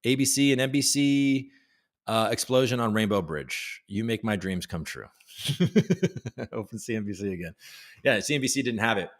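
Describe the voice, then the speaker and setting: A man's voice: medium pitch, moderate pace. Casual man hosting a news livestream. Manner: casual, reads headlines aloud with joking asides. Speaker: host.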